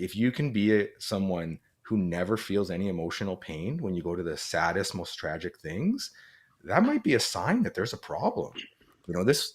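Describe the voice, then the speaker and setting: A man speaking as an interview guest, earnest and reflective, often using "like" as a filler. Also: low voice. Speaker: guest, former police officer and author. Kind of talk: conversational interview.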